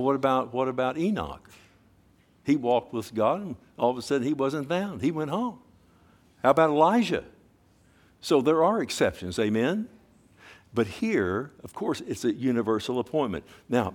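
Male preacher, fervent, lots of rhetorical questions, big swings from loud to soft. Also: mid-range voice. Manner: sweeping from loud emphasis down to hushed tones. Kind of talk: sermon.

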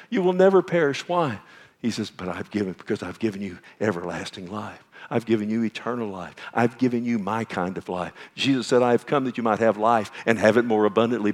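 A man preaching a sermon as pastor, asking the congregation rhetorical questions and swinging from loud emphatic calls to hushed near-whispers. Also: mid-range voice. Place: church.

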